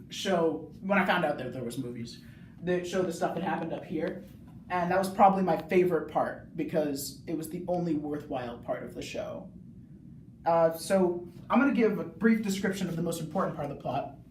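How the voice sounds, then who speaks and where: A young male student rambling through a casual plot recap, full of "like"s, now and then yelling. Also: fairly high pitch, moderate pace, slight background noise. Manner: rambling, many "like"s, bursts of yelling. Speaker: student video reviewer. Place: bathroom. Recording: echoey bathroom, mic far off.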